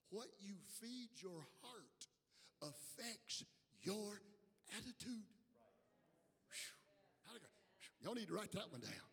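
A male bishop preaching a sermon in a church, swinging from quiet asides to shouted calls to the congregation. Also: on the high side, husky, big-room sound. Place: church sanctuary.

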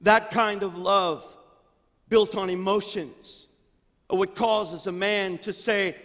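A male pastor preaching a sermon, swinging between fervent, near-shouted passages and quiet, chatty storytelling. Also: high voice, fairly even intonation, takes it slowly, long reverb tail. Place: church sanctuary.

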